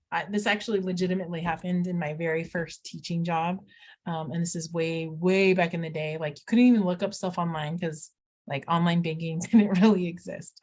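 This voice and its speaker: Middle-aged woman, math teacher; chatty walkthrough with playful asides. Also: on the low side. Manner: chatty, talks students through steps, playful asides. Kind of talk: recorded math lesson walkthrough.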